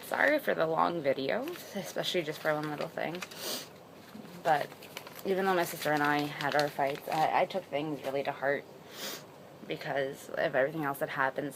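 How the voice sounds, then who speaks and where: A woman's voice: deep voice, creaky, noisy background. A young woman in a personal vlog, rambling and saying "like" often as she talks through her memories. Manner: rambling, heavy use of "like". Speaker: vlogger.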